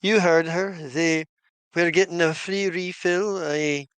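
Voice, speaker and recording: A man voicing a brisk, businesslike woman trader who talks in curt, transactional terms. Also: lowish voice, fairly even intonation, clean tone, no room sound, pitched above the performer's own voice.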